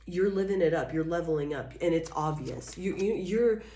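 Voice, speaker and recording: Low-voiced woman giving a tarot reading. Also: moderate pace, mellow, echoey room. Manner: rambling, filler-heavy, blunt and frank. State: coughing repeatedly. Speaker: tarot reader. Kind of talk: casual channeled tarot reading.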